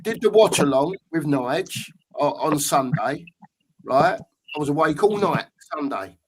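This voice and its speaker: Fifties man, high-pitched host ranting hard about his club. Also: lively intonation, a little slow, noisy background. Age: 50s. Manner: passionate, ranting, swearing. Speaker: show host. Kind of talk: livestream fan chat.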